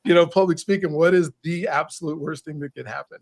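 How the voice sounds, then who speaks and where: Animated storyteller, man, higher voice. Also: fast talker, vocal fry. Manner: animated, repeats words as he restarts. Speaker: podcast guest, author. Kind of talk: casual storytelling in conversation.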